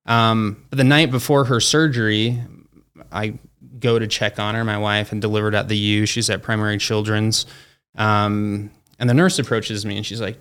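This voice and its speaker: A man's voice: lowish voice, little pitch movement, normal speed, fairly bright tone, clean tone. A man who founded a company, speaking as a guest and telling a story casually, with plenty of fillers like "like" and "you know". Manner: acts out quoted dialogue in his stories.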